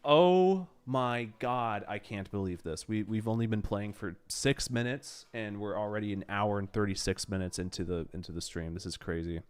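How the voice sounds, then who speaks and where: Young man, game streamer, lowish voice, smooth tone, rambling chatter, allergy-stuffed nose. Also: steady tone, brisk, few pauses. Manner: rambling, swearing, mock exasperated exclamations.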